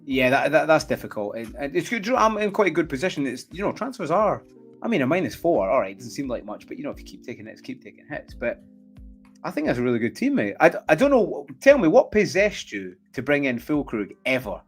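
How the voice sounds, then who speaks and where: A man co-hosting a casual fantasy football podcast, full of jokey banter and quick reactions, often laughing. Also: on the high side, sing-song, soft background music. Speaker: podcast co-host.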